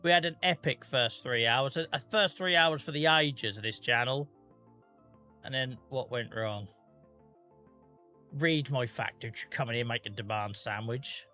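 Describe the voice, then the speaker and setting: A man's voice: medium pitch, sharp tone. A British man chatting casually on a live gaming stream, joking, teasing his chat and swearing freely. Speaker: game streamer.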